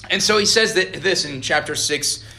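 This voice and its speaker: A man's voice: high voice, pushed and bright. A young man from Idaho preaching a casual storytelling sermon as a college ministry director, chatty and self-deprecating, joking with his audience. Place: college meeting hall. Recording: echoey hall.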